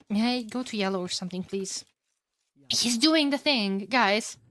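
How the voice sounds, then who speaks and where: A young woman with a Romanian accent calls a strategy match live for her stream, chatty and easily excited. She bursts into loud exclamations and swears casually, recorded close and dry with no room sound. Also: mid-range voice, normal speed, no echo. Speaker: streamer casting games. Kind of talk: live game commentary and chat reading.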